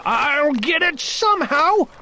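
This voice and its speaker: A woman acting out a flustered royal trumpeter in a read-aloud storybook. He speaks in a high, swooping voice that yelps and wails in alarm. A faint hiss sits under the reading. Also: lively intonation, slow pace, sharp tone, full character voice. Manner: wailing, alarmed. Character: frantic old male royal trumpeter.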